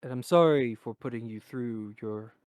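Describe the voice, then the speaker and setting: A man voicing a composed male court official who speaks in a formal, measured way. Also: mid-range voice, a little mellow, clean tone, dry recording, natural voice.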